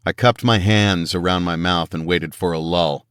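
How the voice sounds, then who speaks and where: Reading a first-person action audiobook, a narrator tells the scripted story tensely and dramatically. His voice is deep, clean and a bit bright, with fairly even intonation and a moderate pace. The recording is dry, with clean studio sound.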